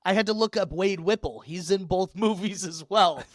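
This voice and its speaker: A man co-hosting a podcast in casual chat, excitable and sarcastic, swearing and laughing often. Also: high-pitched, normal speed, no echo, studio quality. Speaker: podcast co-host.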